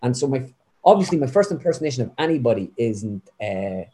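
A man's voice: mid-range voice, fairly quick, slight background noise. A young man with an Irish Midlands accent, a guest impressionist chatting in an interview. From Ireland. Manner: chatty, rambling, animated. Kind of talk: casual interview chat.

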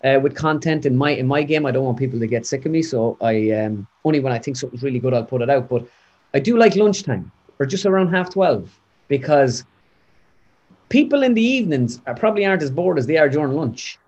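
Heard through dull audio, a young man from Ireland speaks fairly quickly at mid pitch with a Midlands accent. As a guest impressionist, he keeps the interview chat casual, rambling and lively.

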